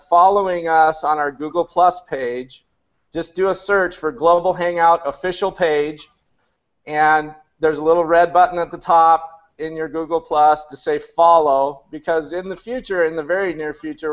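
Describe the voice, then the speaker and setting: Fairly high-voiced man making announcements. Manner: promotional, brisk announcements. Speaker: organiser of the online hangout.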